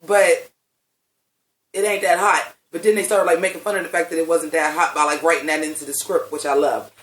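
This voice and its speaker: A man giving a casual, animated and profane review of a TV episode, talking with the ease of a chatty vlogger. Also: a little high, fast. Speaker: TV recap vlogger. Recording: roomy sound from a distant mic.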